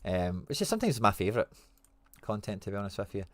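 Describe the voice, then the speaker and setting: This Scottish-accented man hosts a laid-back livestream, his fairly low voice fast-paced, slightly bright, and swinging widely in pitch. There's no room sound as he reads viewer comments aloud and replies in friendly, informal slang.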